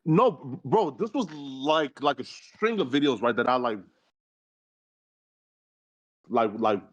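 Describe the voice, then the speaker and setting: A man in casual podcast chat, talking at a middling pitch. He rambles, circling back on himself with filler words and plenty of slang and profanity. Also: lively intonation, slow pace, dull audio. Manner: rambling, full of fillers like "right" and "you feel me". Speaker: guest on a podcast panel.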